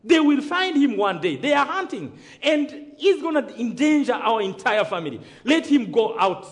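A man preaching his own testimony in a strikingly high voice. He tells his story dramatically, acts out the dialogue, and keeps checking in with the congregation for an amen. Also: sing-song, normal speed. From Rwanda. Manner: dramatic storytelling, acting out dialogue, calling for amens. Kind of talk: sermon testimony.

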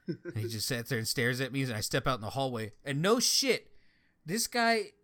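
A young man in casual chat, telling a story with lots of swearing and lively energy. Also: mid-range voice, normal speed. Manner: profane, animated storytelling.

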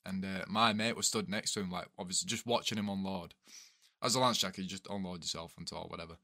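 A man's voice: deep voice, fast, bright, forceful tone, no room sound, studio quality. A man, an ex-soldier, telling sweary army anecdotes in casual podcast chat. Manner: laughs through stories, sweary. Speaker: podcast guest, army veteran. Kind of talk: casual swearing banter, war stories.

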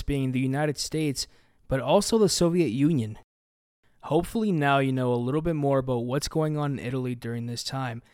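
A man co-hosting a book podcast, reading a prepared historical background segment in a measured, explanatory way. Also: medium pitch, a little mellow, dry recording, clean studio sound. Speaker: podcast co-host.

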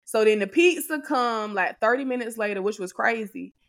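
A woman co-hosting a podcast, telling an animated, exasperated story and acting out what others said. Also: a little high, normal speed. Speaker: podcast co-host. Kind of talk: casual storytelling to a co-host.

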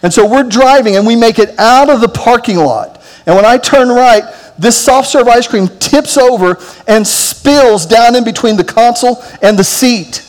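High-voiced pastor preaching in a reverberant church. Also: male voice. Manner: self-deprecating storytelling with humor; drops to a soft, quiet tone for closing prayer. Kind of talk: sermon. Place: church sanctuary.

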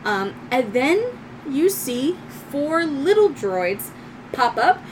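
A woman running a tabletop game, describing the scene in a loose, descriptive flow with plenty of fillers. Her voice sits a little high. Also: big pitch swings, slow, slight background noise, rough recording. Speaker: game master.

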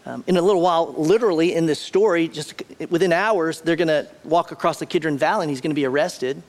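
A man giving a sermon in a chatty, conversational style, circling back on words for emphasis. His voice sits a little higher than most men's, and he keeps checking in with the congregation. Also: lively intonation, fairly quick. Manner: conversational, repetitive, questions the congregation. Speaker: pastor.

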